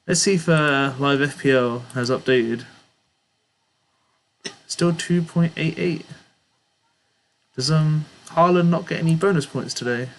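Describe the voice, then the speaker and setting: Slightly high-voiced and speaking at a measured pace with frequent pauses, a young livestream host goes through viewers' chat messages aloud. His replies are chatty and casual, and he laughs a lot.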